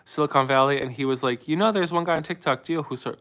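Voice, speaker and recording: Bright-voiced man hosting a livestream. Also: mid-range voice, quick pace. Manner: talkative, rambling with restarts. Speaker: livestream host. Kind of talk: casual live-stream talk answering chat.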